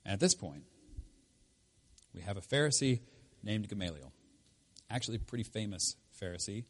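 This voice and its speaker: A man's voice: lowish voice, sing-song, normal speed. Man preaching in an emphatic, conversational way. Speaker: pastor. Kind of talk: sermon.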